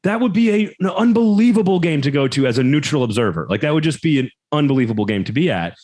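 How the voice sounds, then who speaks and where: A man's voice: medium pitch, animated, quick pace, a little mellow. An adult man co-hosts a casual sports podcast. He speaks in a reflective, analytical way, working through ideas as he goes, and laughs easily at his co-host's stories. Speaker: podcast co-host.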